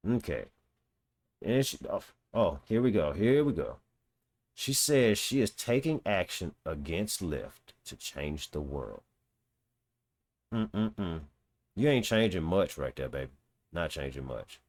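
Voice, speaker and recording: A man's voice: sits low, very animated, a little slow, long pauses, a little mellow. A man reading a news article aloud and breaking off into blunt, mocking, profane reactions. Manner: blunt, mocking, swears, reads quotes aloud then reacts. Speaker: commentary host.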